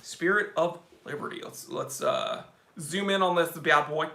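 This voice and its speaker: A man hosting a casual live stream about watches, opinionated and animated, answering viewer questions. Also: a little high, measured pace, gravelly, reverberant.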